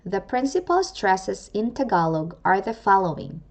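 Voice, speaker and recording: A woman teaching pronunciation as a language teacher, saying each example word slowly and carefully, then repeating it. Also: medium pitch, very animated, background noise. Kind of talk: slow instructional narration.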